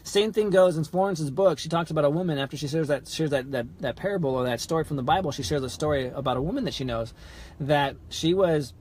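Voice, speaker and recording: A man's voice: a little high, fast talker. A young adult man hosting a podcast, telling a story in a casual way, acting out the dialogue with lots of fillers. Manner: animated, acts out quoted dialogue, many fillers. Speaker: podcast host.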